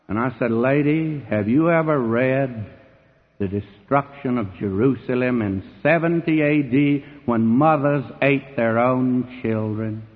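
A man preaching a sermon in a large auditorium, swinging between forceful loud phrases and hushed ones. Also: medium pitch, measured pace. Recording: tinny narrow-band sound with long hall reverb.

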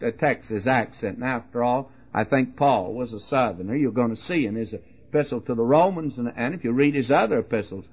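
Older male radio preacher with an average-pitched voice, folksy and halting, on a muffled old broadcast recording. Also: breathy edge. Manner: folksy storytelling with frequent "uh" pauses. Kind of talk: radio sermon.

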